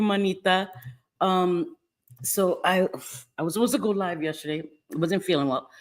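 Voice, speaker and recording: A woman's voice: low-pitched, darkish tone. A woman hosting a livestream, chatting casually with her viewers, greeting them by name and laughing often. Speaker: livestream host.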